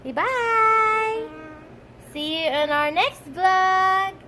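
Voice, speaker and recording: A woman's voice: very high voice, drawn-out words, bright, forceful tone, a little hiss or hum. A young woman at home, coaxing her toddler in a sing-song voice while filming on a phone. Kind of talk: casual home vlog.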